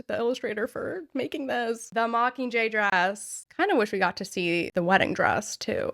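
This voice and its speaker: A young woman vlogging casually as she pages through an illustrated book, gushing with gasps and excited squeals. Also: medium pitch, dry recording, studio quality. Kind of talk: casual flip-through commentary.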